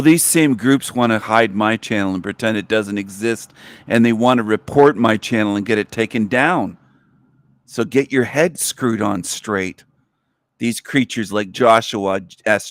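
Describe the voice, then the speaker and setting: A man's voice: fairly low pitch, dry recording, clean studio sound. A man hosting a livestream, giving sarcastic, taunting commentary on a video he plays. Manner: sarcastic, taunting, repeats lines in a mocking voice. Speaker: livestream host.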